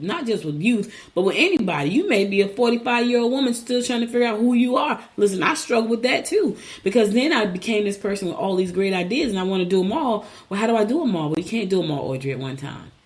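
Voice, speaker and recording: A middle-aged woman from Newark, New Jersey, hosting a casual talk show and chatting to her viewers in a personal, storytelling way. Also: mid-range voice. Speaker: host.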